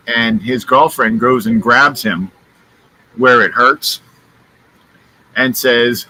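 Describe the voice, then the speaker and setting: Bright-voiced man rambling through a story. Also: mid-range voice, low-quality recording. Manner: rambling anecdote-teller, quick bursts. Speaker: friend on the stream. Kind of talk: casual storytelling.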